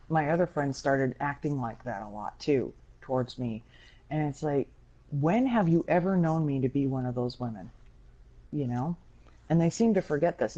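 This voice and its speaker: A woman's voice: low-pitched, mellow. A woman telling a story in casual podcast chat, candid and blunt, with plenty of swearing. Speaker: podcast co-host. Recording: dull lo-fi sound.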